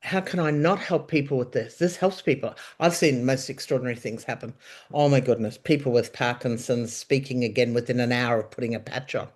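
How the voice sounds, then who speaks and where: A middle-aged Australian woman and nurse telling her story in a casual chat, animated and emphatic, rambling with frequent restarts. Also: a bass voice, a little fast. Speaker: guest, nurse.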